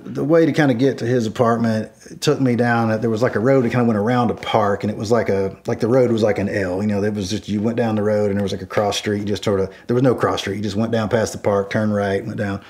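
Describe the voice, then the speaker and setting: A middle-aged man telling a personal story in a casual, rambling way, full of fillers and restarts. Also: lowish voice. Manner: rambling, many fillers and restarts, shouts quoted lines loudly. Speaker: storyteller guest.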